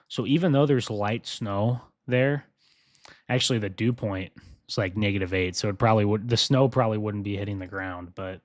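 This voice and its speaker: A young man hosting a live weather briefing, chatty and excitable, often laughing as he talks through forecast models. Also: on the low side, no room sound, clean studio sound. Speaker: weather livestream host.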